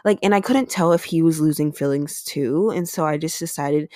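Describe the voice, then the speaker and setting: A podcast host shares a confessional personal story in a chatty way, full of "like" and "um." Her voice is low and darkish at a moderate pace, captured as clean studio sound with no room noise.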